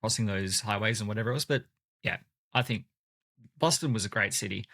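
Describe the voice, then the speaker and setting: A man co-hosting a podcast in casual chat, relaxed and often repeating words as he starts a sentence. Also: lowish voice, a little fast, vocal fry, dry recording. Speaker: podcast co-host.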